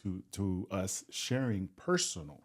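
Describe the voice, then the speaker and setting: A man's voice: deep voice, big pitch swings, a little slow. Hesitant man on a podcast. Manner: hesitant, repeats words, agreeable. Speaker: podcast co-host, former football player. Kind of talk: casual podcast chat. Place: studio.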